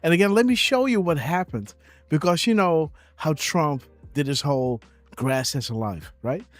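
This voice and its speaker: A man's voice: on the high side, lively intonation, normal speed. A man hosting a live stream, chatting casually in a rambling way, with many fillers and frequent laughs. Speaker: show host.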